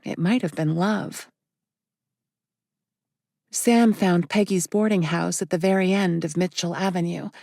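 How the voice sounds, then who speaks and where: A woman narrating an audiobook thriller in a steady, measured way. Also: medium pitch, creaky, no echo, clean studio sound. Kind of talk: scripted narration.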